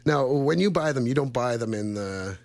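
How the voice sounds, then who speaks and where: A man's voice: mid-range voice, expressive, moderate pace, vocal fry, darkish tone, no echo. A man in his thirties co-hosting a radio show, chatting casually in a rambling, friendly way and laughing often. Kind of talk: casual chat.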